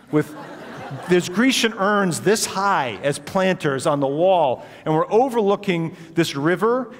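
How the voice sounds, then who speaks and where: A man telling a personal story in a talk, animated and acting out the dialogue, in a reverberant hall. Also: fairly high pitch. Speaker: speaker.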